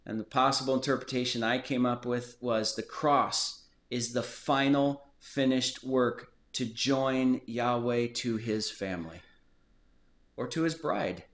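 Male host, mid pitch, earnest casual teacher, echoey room sound. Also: a little slow, a bit bright. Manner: earnest, explanatory, digresses. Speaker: host of a Bible study talk.

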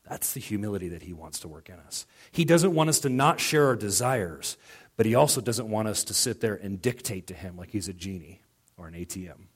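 A man's voice: fairly low pitch, animated, fairly quick, breathy edge. Man preaching a casual, story-driven sermon. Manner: conversational storytelling with quoted dialogue. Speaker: pastor.

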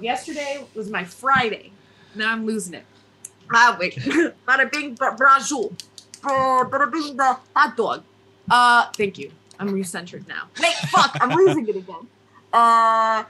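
A woman's voice: a little high, pushed and bright, husky, full character voice. A woman telling a story in a put-on Italian-American New Jersey accent, hammy and swearing freely. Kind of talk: casual podcast storytelling.

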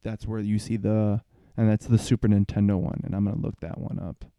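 Relaxed man in casual chat. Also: lowish voice, brisk, no room sound. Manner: relaxed, rambling with fillers.

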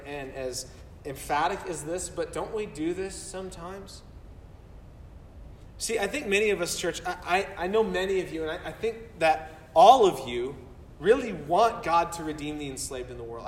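A man preaching to his congregation, his voice pitched notably high. He speaks earnestly and doubles back on words when he presses a point. The sound comes from a distance and rings through a large, reverberant sanctuary. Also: a little hiss or hum. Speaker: pastor. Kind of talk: sermon. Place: church sanctuary. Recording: roomy hall from far off.

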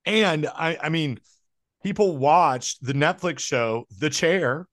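A man from the American South co-hosting a casual podcast chat, rambling and self-deprecating, quick to laugh. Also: on the high side, animated, fairly bright tone, no room sound, clean studio sound. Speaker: podcast co-host.

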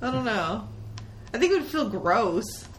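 A woman co-hosting a podcast in casual chat, animated and giggly, swearing casually. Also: fairly high pitch, measured pace, a little hiss or hum. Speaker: podcast co-host.

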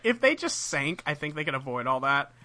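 Lively, bright-voiced podcast co-host. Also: medium pitch, fairly quick, a little hiss or hum. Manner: animated storyteller, laughs often, retells scenes with quoted voices. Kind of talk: casual chat recapping a cartoon episode.

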